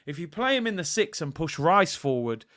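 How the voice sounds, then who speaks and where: Brief: male football vlogger, casual and opinionated, bright and tense, slightly high. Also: sing-song, moderate pace. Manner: chatty, opinionated, slangy, addresses viewers. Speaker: football channel host. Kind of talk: casual football vlog talk.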